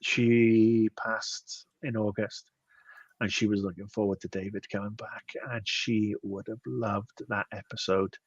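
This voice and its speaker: A man with a fairly low voice chats on a podcast, wandering through his thoughts and halting to start sentences over. His audio is dry and close, with no room sound. It comes through dull and lo-fi. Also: little pitch movement, breathy edge, no room sound. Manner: rambling, halting with restarts. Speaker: podcast co-host. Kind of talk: casual chat.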